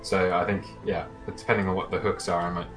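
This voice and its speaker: Male player, lowish voice, halting and filler-heavy, soft music bed. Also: level tone. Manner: hesitant, many fillers and restarts. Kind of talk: casual chat describing his character.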